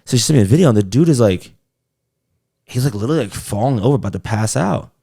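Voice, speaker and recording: A man's voice: medium pitch, animated, fast, creaky, warm tone, husky, no echo, studio quality. A young man co-hosting a podcast, telling a rambling story in slangy, profane casual chat full of fillers. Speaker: podcast co-host.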